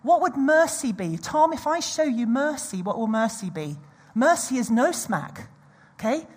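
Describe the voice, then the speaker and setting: A woman delivers a sermon in an animated storytelling manner. She often breaks off to speak straight to the congregation. Her voice sits fairly high and has a husky, breathy edge. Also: moderate pace. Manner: animated storytelling with audience asides. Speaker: preacher.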